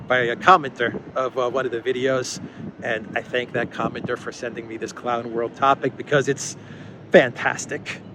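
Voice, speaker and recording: A man talking about the news in a casual, sarcastic monologue while he walks outdoors, full of restarts and asides. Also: a little high. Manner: sarcastic, rambling with many restarts. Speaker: political commentator. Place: outdoors in a town while walking. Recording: outdoor street noise.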